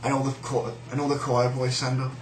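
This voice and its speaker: A British shop worker rants casually about a coworker, sneering, rambling, and swearing. His voice is medium-pitched, monotone, and a little fast, recorded roughly in an echoey room.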